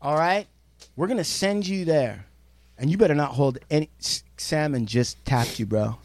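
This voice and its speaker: A man co-hosting a podcast, telling a story in a brash, profane, animated way. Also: on the high side, normal speed, no room sound. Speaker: podcast co-host. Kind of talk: casual storytelling chat.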